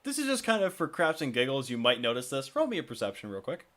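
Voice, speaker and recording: A man as game master narrating a tabletop game in a casual, halting way. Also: medium pitch, wildly swooping pitch, fairly bright tone.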